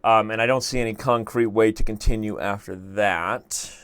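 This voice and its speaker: A man's voice: fairly low pitch, fairly even intonation, moderate pace, fairly bright tone, clear, resonant tone, no room sound. Man, young adult, chess stream host, casual chatter, thinks aloud, self-deprecating, dry sound. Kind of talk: casual live-stream commentary.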